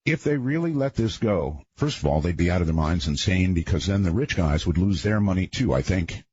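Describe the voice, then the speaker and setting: A radio talk show host, a man with a husky voice, talking in a rambling, conversational late-night monologue with folksy asides. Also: low voice, lively intonation, a little fast, a little mellow, lo-fi sound.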